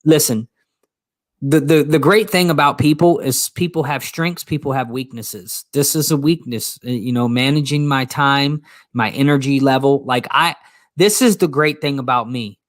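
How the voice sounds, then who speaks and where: A man's voice: medium pitch, normal speed, no echo, clean studio sound. A man co-hosting a motivational talk show, speaking earnestly with frequent restarts. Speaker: co-host.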